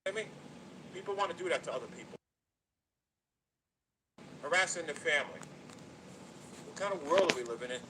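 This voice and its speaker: On a noisy livestream, this New Jersey YouTuber vents to viewers in a slightly high, bright, forceful voice. He talks a little fast with lively intonation but leaves long pauses, and he's blunt, profane, and keeps repeating himself.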